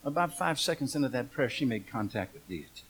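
A man's voice: medium pitch, lively intonation, fairly quick, fairly bright tone, husky. A middle-aged man preaching a humorous storytelling sermon, folksy and joking, asking the congregation questions.

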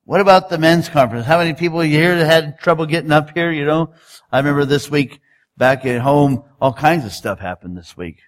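A man's voice: a little high, brisk. A man preaching a sermon in a conversational style, building up to emphatic exhortations.

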